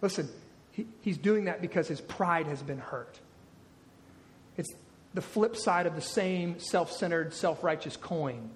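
A man's voice: on the high side, a little slow, a little hiss or hum. A male pastor preaching a sermon, emphatic and repeating his key words for weight.

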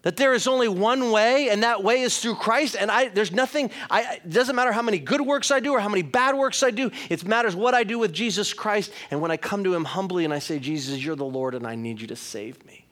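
High-voiced earnest man preaching. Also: a little fast, few pauses, fairly bright tone. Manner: earnest, rising to emphatic, uses direct address. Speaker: pastor. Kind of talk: sermon.

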